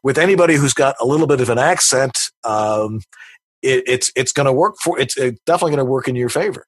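Male podcast host, mid pitch, husky and dry, halting conversational questions. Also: no echo. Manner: halting, searching for words. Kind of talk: casual interview chat.

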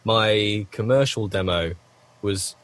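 A man with a somewhat low voice answers interview questions at length. He wanders and corrects himself as he goes, and breaks up his talk with the odd cough. He speaks from a home recording booth. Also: takes it slowly, a bit bright. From United Kingdom. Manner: rambling, self-correcting, frequent coughs. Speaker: voice actor guest.

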